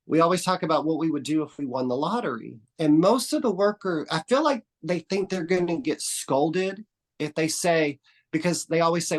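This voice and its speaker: Guesting on a podcast, a Texan man with a fairly high voice speaks at normal speed in a relaxed conversation. He rambles through meandering stories, restarting and trailing off a lot and swearing casually.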